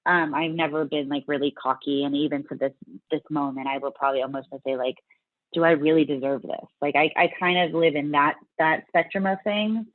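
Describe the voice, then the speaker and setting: Woman guest, lowish voice, animated storyteller with restarts, dry tinny call audio. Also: a little fast, dry recording. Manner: animated, many restarts and fillers. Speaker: guest, bodybuilding competitor. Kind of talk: casual interview storytelling.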